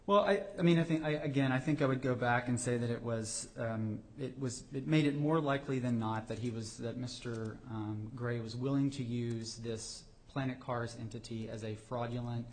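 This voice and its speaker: A man's voice: mid-range voice, steady tone, moderate pace, hardly any pauses, darkish tone. Guy lawyer answering judges, lots of um and uh, restarts, slight hiss. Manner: hesitant, many fillers and restarts. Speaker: government attorney. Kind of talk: courtroom oral argument.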